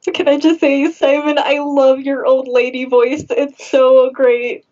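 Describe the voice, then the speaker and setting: A woman's voice: sits high, flat delivery, measured pace, mellow, highs cut off. A woman player in a tabletop game, chatting enthusiastically. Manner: gushing, enthusiastic praise. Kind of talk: tabletop role-play chat.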